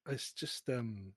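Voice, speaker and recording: A man's voice: medium pitch, sharp tone, breathy edge, no room sound. A man in casual chat, reacting with wry, short interjections and sighs.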